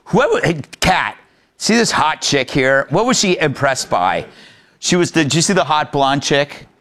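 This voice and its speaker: A man's voice: on the high side, very animated, moderate pace, fairly bright tone. A man hosting a talk show, delivering opinionated commentary in a sarcastic, mocking manner. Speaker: host.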